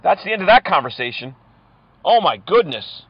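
Guy trolling scammers on the phone, kinda high voice, muffled lo-fi sound. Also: very animated, normal speed, a crowd in the background. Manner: mocking, insulting, laughs at his targets. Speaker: host calling scammers. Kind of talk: prank call, taunting scammers. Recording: muffled lo-fi audio.

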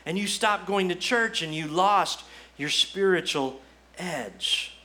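A man's voice: sits high, a little slow, pushed and bright. A man preaching a sermon as pastor, earnest and exhorting, full of repetitions and rhetorical questions. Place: church.

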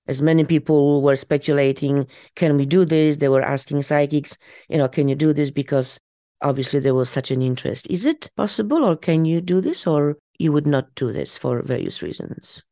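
A woman hosting a podcast, asking a guest questions in a curious, measured way. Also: extremely low pitch, flat delivery, mellow, no room sound, clean studio sound. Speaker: podcast host. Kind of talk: interview questions.

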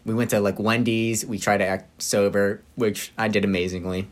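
A man's voice: on the low side, little pitch movement, normal speed. A young man co-hosting a podcast, telling a story in a rambling, laughing way with many fillers. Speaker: podcast co-host. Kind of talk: casual chat.

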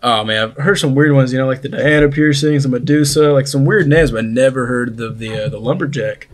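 A man's voice: mid-range voice, fairly quick. A young man in casual podcast chat, telling a long story full of fillers and restarts. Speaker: podcast host.

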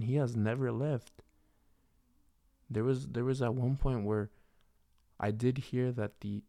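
A young man telling a personal faith story in a casual, rambling way, with many fillers and a soft, reflective delivery. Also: mid-range voice, no room sound. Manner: rambling, full of "you know" and "like". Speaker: vlogger sharing a faith testimony.

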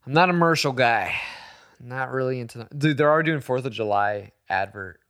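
A man's voice: medium pitch, brisk, fairly bright tone. A man hosting a casual podcast chat, joking crudely with his guest. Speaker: podcast host.

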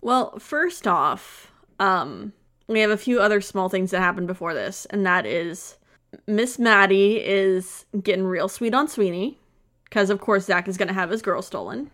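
A woman's voice: mid-range voice, animated, a little slow, a bit bright. A woman co-hosting a podcast, retelling a movie plot in casual chat with sarcasm and frequent laughter. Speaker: podcast co-host.

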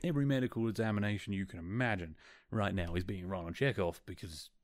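A man's voice: low-pitched, fast, no room sound. A man hosting a podcast, casually retelling a TV episode and slipping into quoted lines from the characters. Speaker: podcast host.

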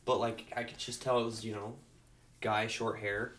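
A man's voice: fairly low pitch, flat delivery, normal speed, a bit bright. A young man in casual chat as a podcast co-host, laid-back and laughing often.

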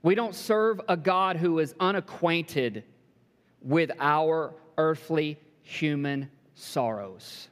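A man preaching a sermon to a congregation, building to emphatic peaks and dropping to soft, hushed lines, with joking asides. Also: on the high side, slow pace. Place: church sanctuary. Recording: long hall reverb.

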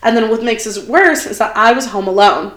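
A woman's voice: on the high side, brisk. Chatty young woman in a roomy space. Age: young adult. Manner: animated, chatty, many fillers and quoted asides. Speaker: podcast guest. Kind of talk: casual storytelling chat. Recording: roomy echo.

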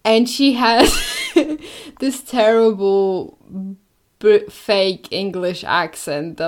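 A woman's voice: mid-range voice, drawn-out words. Sarcastic young woman podcast host. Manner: animated, sarcastic, breaks into mocking impressions. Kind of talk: casual chat.

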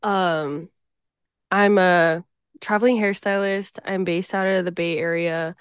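A woman in her twenties from Hawaii, a podcast guest who is ill and a bit wheezy, talking nervously with many pauses. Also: fairly low pitch, fairly even intonation, smooth, no room sound. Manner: nervous and hesitant, many ums. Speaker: guest, traveling hairstylist. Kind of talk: casual podcast chat.

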